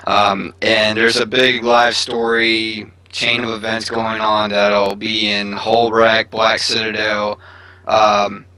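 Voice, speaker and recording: Bright, dry-voiced man reading game news. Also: on the low side, no room sound, rough recording. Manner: hesitant, lots of ums and uhs. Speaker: podcast co-host. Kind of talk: casual game news rundown.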